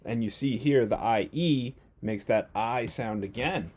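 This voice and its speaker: A first grade teacher giving a remote phonics lesson from home, speaking slowly and clearly, sounding out letters and asking playful either-or questions. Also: male voice, medium pitch, a little mellow.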